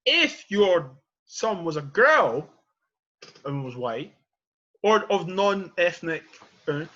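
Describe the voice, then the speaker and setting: Guy on a podcast, pitch a bit up, fired up and emphatic, keeps saying you know, dull lo-fi sound. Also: very animated, takes it slowly, bright, forceful tone. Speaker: podcast host. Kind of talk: passionate casual debate.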